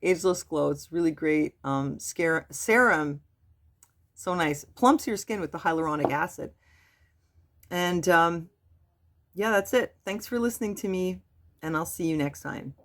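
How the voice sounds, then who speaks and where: A middle-aged woman giving a casual, halting personal update to her webcam, with frequent restarts. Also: on the low side. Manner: soft, halting, with many restarts and fillers. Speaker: vlogger.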